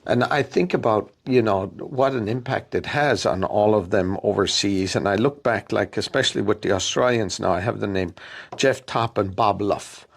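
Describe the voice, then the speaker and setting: Husky, gravelly male interviewer. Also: fairly low pitch, normal speed. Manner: frequent agreeing backchannels. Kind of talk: conversational interview.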